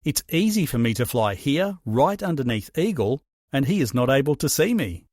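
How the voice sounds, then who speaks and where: A man voicing a tiny, clever male wren in a storybook, cheeky and quietly sly. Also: medium pitch, big pitch swings, moderate pace, dry recording, studio quality. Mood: scheming.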